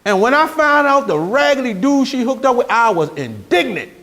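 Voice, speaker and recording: A man preaching a sermon as pastor, telling stories with growing energy and sometimes shouting. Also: very high-pitched, normal speed. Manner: animated storytelling, rising to shouts.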